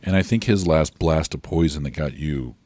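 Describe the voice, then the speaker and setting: A man running a tabletop game as game master, narrating in a measured way and thinking aloud over the rules. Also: rumbling low, darkish tone.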